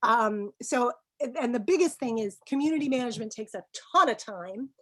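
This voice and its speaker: A middle-aged woman with a voice on the high side appears as a business guest in a webinar interview. She speaks emphatically, stays animated, and laughs readily.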